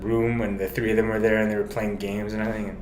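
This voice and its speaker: A man chatting casually as a guest, rambling eagerly about movies with quick laughs. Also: on the low side, flat delivery, a little hiss or hum. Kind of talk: casual chat. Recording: roomy echo.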